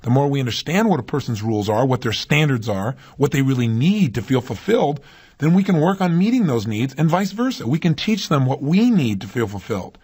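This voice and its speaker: A man's voice: medium pitch, big pitch swings, a little fast, darkish tone, breathy edge. A man giving a motivational talk, speaking emphatically and putting rhetorical questions to his listeners.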